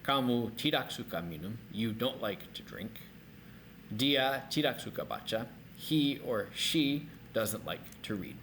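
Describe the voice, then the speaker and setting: A man teaching a language lesson, explaining phrases in an upbeat, animated way. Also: mid-range voice, unhurried, slight background noise.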